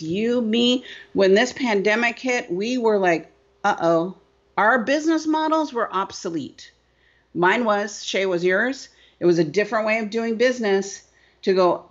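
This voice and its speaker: Emphatic woman coach on a dull line. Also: mid-range voice. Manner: emphatic, repeats phrases, asks "right?" often. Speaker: guest business coach. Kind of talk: animated interview storytelling. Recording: dull lo-fi sound.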